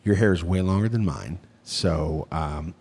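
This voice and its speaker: Man, American, podcast co-host, playful mock indignation, fairly low pitch. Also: unhurried, slightly rough. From United States. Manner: jokey, loud outbursts, mock indignation. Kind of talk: casual banter.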